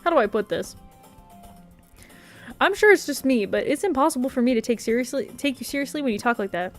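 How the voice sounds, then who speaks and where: A woman's voice: sits high, animated, a little fast, faint music behind. A woman reading a reserved teenage boy protagonist in a visual novel, narrating in a dry, matter-of-fact way. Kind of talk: visual novel read-aloud.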